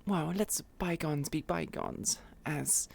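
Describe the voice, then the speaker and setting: A woman voicing a haughty, posh English lady innkeeper, speaking in a prim, affected, drawn-out manner. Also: deep voice, vocal fry, a little mellow, full character voice.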